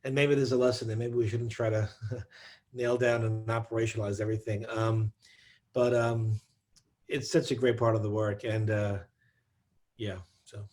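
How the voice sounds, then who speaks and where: A man answering on a discussion panel about research, thoughtful and halting, with many restarts. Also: fairly low pitch, little pitch movement, darkish tone. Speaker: psychedelic researcher.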